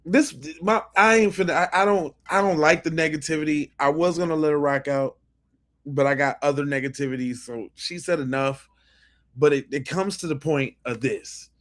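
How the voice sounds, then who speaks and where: A man's voice: on the high side, moderate pace. A man hosting a podcast, reacting to clips with emphatic, profane commentary. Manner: animated, emphatic, swears freely. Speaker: podcast host.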